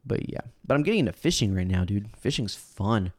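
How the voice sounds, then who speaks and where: A man hosting a podcast in a casual chat, rambling and laid-back, full of fillers and restarts, animated when telling stories. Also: fairly low pitch, brisk, no echo, studio quality.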